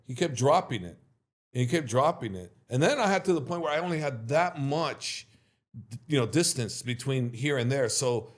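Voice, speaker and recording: A middle-aged male coach telling a story in an interview. He talks casually, then jumps up in pitch and volume to play out the people in his tale. The tone is lively and expressive. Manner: animated storyteller who acts out quotes loudly. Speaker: MMA coach, interview guest.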